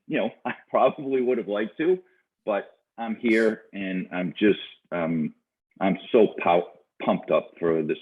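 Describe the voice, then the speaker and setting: A man in his fifties with a Boston accent, telling his story as an interview guest in an energetic, chatty way and laughing easily. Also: fairly low pitch. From Boston, USA. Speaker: guest, entrepreneur and business coach. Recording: tinny phone-like line.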